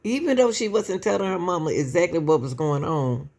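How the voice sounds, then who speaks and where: Her voice sits on the low side with a darkish tone, sing-song and fairly quick, as she hosts a true-crime commentary aimed directly at viewers. Emotional and casual, she addresses everyone as "y'all" and leans on rhetorical questions.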